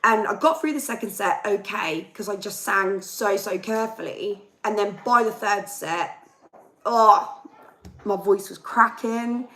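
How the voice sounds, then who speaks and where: Speaking a little slowly in a mid-range, slightly bright voice that's chesty and worn, a young woman hosts a casual livestream. The host and singer is chatty and ranting, reading out viewer comments, and the recording is rough.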